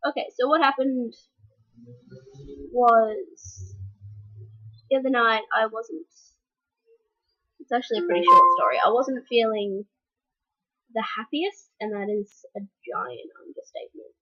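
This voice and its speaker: A woman's voice: on the high side, unhurried, long pauses, pushed and bright, lo-fi sound. A young woman talking frankly to the camera in a personal vlog update, with fillers and restarts. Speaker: vlogger.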